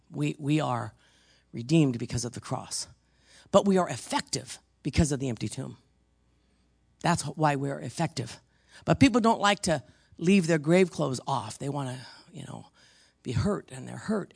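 Older woman preacher, gravelly voice, rambling storyteller, dry close sound. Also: a bass voice, no room sound. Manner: rambling, repeats words, swings from hushed to emphatic. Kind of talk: sermon with personal stories.

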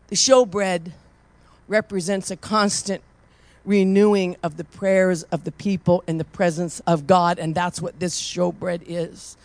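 Recorded dry, a woman preacher with a medium-pitched voice shares a personal story in her sermon, shifting from hushed storytelling into loud, impassioned praise.

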